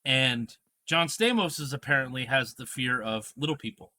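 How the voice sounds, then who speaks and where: This medium-pitched man co-hosts a casual podcast, speaking at normal speed. He tells stories with animation, acting out the quotes as he goes.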